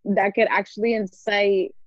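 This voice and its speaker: A woman's voice: medium pitch, flat delivery, moderate pace, dry recording. Casual woman podcast host, dry muffled sound. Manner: laughs often, fillers and restarts. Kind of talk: casual chat and poetry reading.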